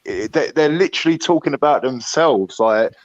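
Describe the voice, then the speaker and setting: A man speaking as a guest on a casual panel, reflective and halting, over a video call. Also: mid-range voice, expressive, no echo, lo-fi sound.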